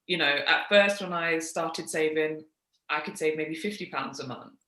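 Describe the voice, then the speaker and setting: Bright British woman in a roomy space. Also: low voice, moderate pace. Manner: encouraging, steady advice. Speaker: guest. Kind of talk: casual group discussion.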